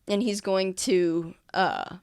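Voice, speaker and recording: A woman's voice: medium pitch, steady tone, takes it slowly, darkish tone, clear, resonant tone, no room sound, studio quality. A woman narrating a tabletop game as game master, describing scenes with many fillers.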